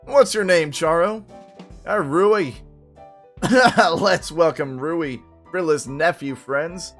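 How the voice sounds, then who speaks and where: A man voicing a boisterous male mystic showman with a loud, theatrical, crowd-rousing delivery while reading game dialogue aloud. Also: fairly high pitch, takes it slowly, faint music behind. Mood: booming, grand.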